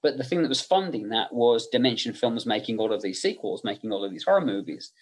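An animated, fast-talking man with a mid-range voice, he's a middle-aged special make-up effects artist guesting on a podcast. His anecdotes wander with self-interruptions and chuckled side comments.

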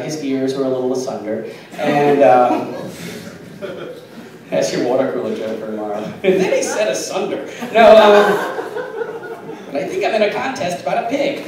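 Brief: man comic, high voice, deadpan puns, filmed on a phone far back in an echoey bar. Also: noisy background. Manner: deadpan, punny, giggling at own jokes. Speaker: stand-up comic. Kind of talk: absurdist stand-up set. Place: small bar stage. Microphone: phone camera.

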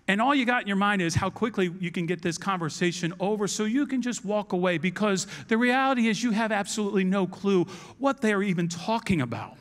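A man in his fifties preaching a sermon as pastor, animated and storytelling, acting out dialogue. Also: high-pitched, a little fast, few pauses.

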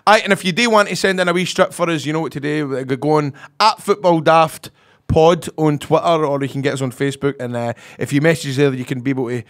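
A man's voice: on the high side, a little fast, fairly bright tone. A middle-aged Scottish man co-hosting a football podcast in casual chat, telling stories with laughs and swearing freely. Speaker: podcast co-host.

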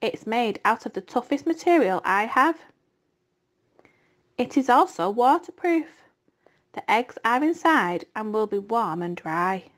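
A woman voicing a wise, weary female spider who speaks in a soft, measured way. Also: on the high side, lively intonation. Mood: gentle.

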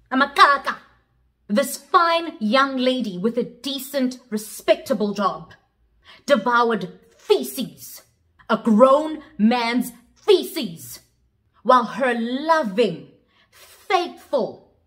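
A woman's voice: fairly high pitch, very animated, slow, a bit bright. Dramatic young woman storyteller. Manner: dramatic, switching languages mid-sentence. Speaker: vlogger. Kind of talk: storytime vlog.

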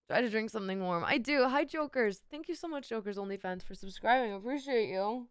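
A woman's voice: fairly high pitch, expressive, quick pace, clear, resonant tone. A young woman streamer with a sick, sore throat, chatting playfully with her viewers and swearing freely. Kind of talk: casual live-stream chat with viewers.

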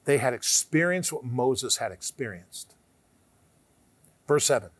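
A man giving emphatic televised Bible teaching, asking rhetorical questions and sometimes dropping to a hushed tone. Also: medium pitch, very animated, unhurried, no room sound.

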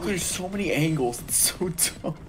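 A man's voice: on the high side, lively intonation, moderate pace, heavy background noise. A man playing a shooter with friends, complaining and swearing in casual chat. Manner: frustrated, swearing. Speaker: teammate.

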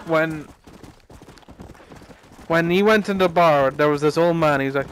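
Ranting guy, fairly high voice. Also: steady tone, measured pace, pauses often, a bit bright, slight background noise, rough recording. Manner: chatty, swears a lot, laughs at own rants. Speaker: gaming commentator. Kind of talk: rambling casual storytelling over gameplay.

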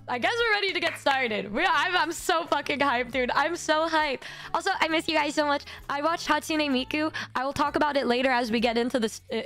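A woman streaming to her chat in casual storytelling, her voice sitting high and leaping even higher when she gets exasperated. She swears freely and tells it animatedly into a streaming microphone, with faint music playing behind her.

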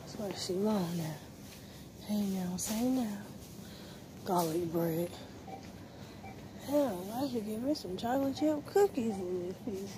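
A woman's voice: mid-range voice, slow pace, pauses often. A woman vlogging while shopping, talking to herself in slang and short of breath behind a face mask, recorded on a phone inside a store. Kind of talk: casual shopping vlog. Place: indoors in a discount store. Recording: noisy store background.

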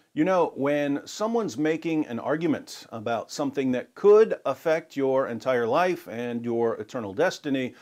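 A man narrating a scripted argument in a measured, explanatory way with a light sarcastic edge. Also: medium pitch, a little mellow. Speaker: narrator of a clip.

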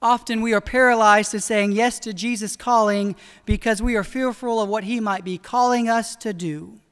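A high-voiced woman preaching a sermon in a church sanctuary. She speaks earnestly and draws out her key phrases. A long, ringing reverb hangs on every word. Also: steady tone, clean tone. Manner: earnest, slows down for emphasis. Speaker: pastor.

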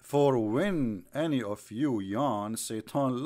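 A man's voice: medium pitch, expressive, moderate pace. A man hosting a live online broadcast, mocking his subject with sarcastic rhetorical questions, repetition and bursts of laughter. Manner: rhetorical, repeats himself.

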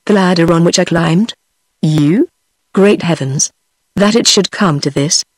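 A woman's voice: on the low side, a little slow, husky, no room sound. A text-to-speech voice with a British English accent, set as a woman, reading the lines of an irascible, pompous old male scholar. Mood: angry.

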